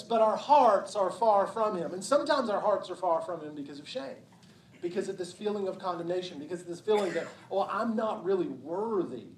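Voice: medium pitch, a little hiss or hum. A pastor preaching a sermon in a church, conversational and emphatic, often checking in with the listeners. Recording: roomy hall sound from a distance.

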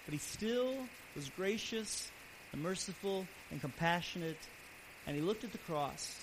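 A man pastor preaching a sermon earnestly, his voice swelling louder and then dropping soft. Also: sits high, unhurried. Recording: steady background hiss.

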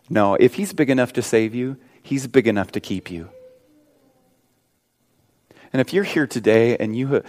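A male pastor delivering a sermon at a church service, swinging between loud, emphatic preaching and a hushed prayer, often repeating and restarting his words. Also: mid-range voice.

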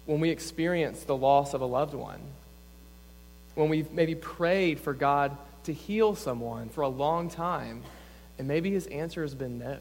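A man's voice: a little high, measured pace. Young man preaching in a reverberant church. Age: young adult. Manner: earnest, conversational, peppered with "like". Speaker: campus pastor. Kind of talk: sermon. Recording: long reverb in a church hall.

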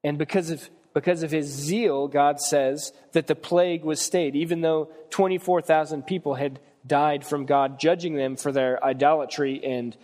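A man's voice: a little high, steady tone, moderate pace, few pauses, darkish tone, long reverb tail. A man preaching a sermon, reading scripture and retelling Bible stories in plain conversational words.

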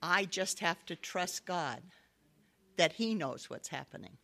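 A middle-aged woman with a fairly low, gravelly voice speaks in an unhurried but animated way, her tone pushed and bright. Her devotional talk takes the form of a sermon-style personal testimony, told earnestly with light laughs.

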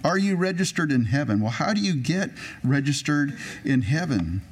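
A man preaching a sermon in a casual, conversational way. He mixes everyday stories with scripture, and he slows down deliberately whenever he reads a verse aloud. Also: on the high side, sing-song. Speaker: pastor.

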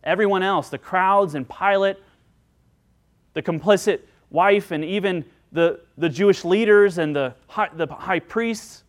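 A pastor preaching a sermon to his congregation in an earnest manner, voicing the figures he quotes with rising pitch and loudness. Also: measured pace.

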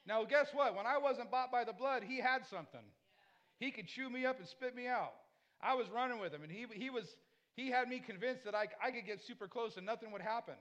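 High-voiced man preaching with emphasis. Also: a little fast, a bit bright. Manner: emphatic, repetitive preaching with rhetorical questions; casual, conversational asides. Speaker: pastor. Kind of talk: sermon.

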